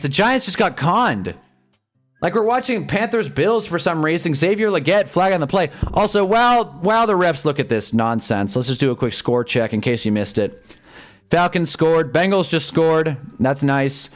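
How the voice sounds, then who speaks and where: A young man commentating live on football games for his stream, ranting at the refs and reacting fast to each play. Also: fairly high pitch. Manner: frustrated, ranting, quick reactions. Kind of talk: live sports watch-along commentary.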